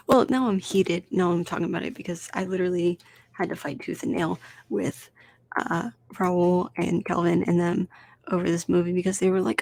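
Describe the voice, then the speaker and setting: A woman hosting a casual solo podcast, animated and swearing freely as she rambles through film rankings. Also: fairly low pitch, normal speed, vocal fry. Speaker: podcast host.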